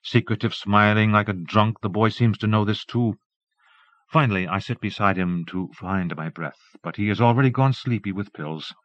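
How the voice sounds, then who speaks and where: Low-voiced man reading an audiobook. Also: dry recording. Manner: measured, even literary reading. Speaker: audiobook narrator. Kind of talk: scripted audiobook narration. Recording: dull lo-fi cassette transfer.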